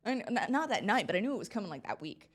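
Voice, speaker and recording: A young woman from Florida chats as a podcast guest, telling an animated story. She slips into quoted dialogue, acting out each person, and laughs often as she goes. Her pitch sits in the middle for a woman. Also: racing, slightly rough. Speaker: podcast guest, reality TV contestant. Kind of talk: casual storytelling chat.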